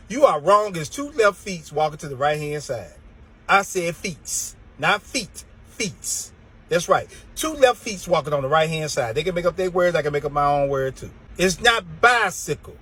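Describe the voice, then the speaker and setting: A man delivers an exasperated comic rant with a husky, slightly raspy edge. His pitch sits a little high and swings widely as he drags words out for emphasis, in a loose drawl. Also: a bit bright, rough recording. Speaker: comedian. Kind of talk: comedic rant to camera.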